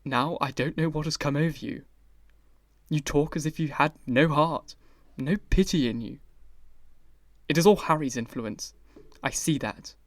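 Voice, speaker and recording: A man's voice: on the high side, measured pace, pauses often, dry recording, natural voice. A man reading the part of an earnest older painter in an audiobook, grave and pleading. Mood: pained. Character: grave, anguished male painter friend.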